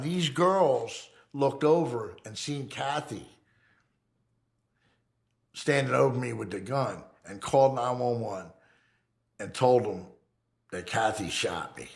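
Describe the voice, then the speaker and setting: A man's voice: medium pitch, a little slow, creaky. A man telling a wild story from his past in casual, profane street talk, often checking in with "right?". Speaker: documentary interviewee. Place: fireside.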